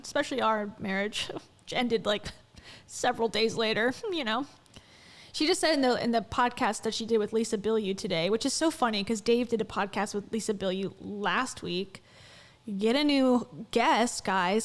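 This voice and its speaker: A woman's voice: a little high, normal speed. A young adult woman giving a sarcastic, incredulous commentary vlog, full of "like" and mocking asides. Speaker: commentary vlogger.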